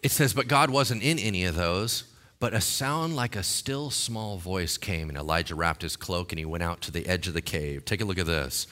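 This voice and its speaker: An expressive male preacher moves at a moderate pace through a conversational, easygoing sermon. He quizzes the congregation and voices characters from the text, then rises to loud, high-pitched exhortation.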